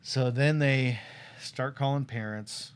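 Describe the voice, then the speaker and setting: A young man casually telling a story to a friend, animated and laughing often as he acts out what people said. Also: mid-range voice, takes it slowly, a little hiss or hum. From Tucson, Arizona.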